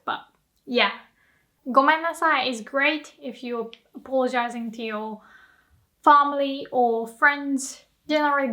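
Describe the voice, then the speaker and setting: A woman's voice: a little high, fairly bright tone. A woman teaching a casual language lesson, chatty, explaining with examples and laughing often. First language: Japanese.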